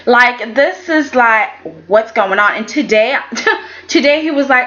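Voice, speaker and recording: A woman's voice: a little high, a little slow, fairly bright tone, highs cut off, slight background noise. A woman casually reviewing a soap opera episode, chatty and opinionated, often acting out what the characters said. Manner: chatty and opinionated, acts out quotes in voices. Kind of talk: casual chat.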